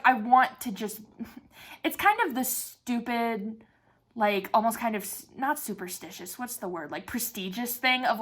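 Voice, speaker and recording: Excited and emphatic, this twenty-something woman talks casually on her crafting vlog in a fairly bright, higher-pitched voice. Laughter comes often, with the odd swear word.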